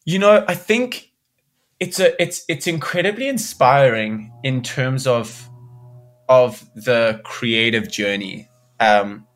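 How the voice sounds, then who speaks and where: A young man, a musician guest in a casual interview, telling an animated story and acting out what people said. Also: mid-range voice, slow pace. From South Africa. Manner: animated storyteller, acts out quoted dialogue.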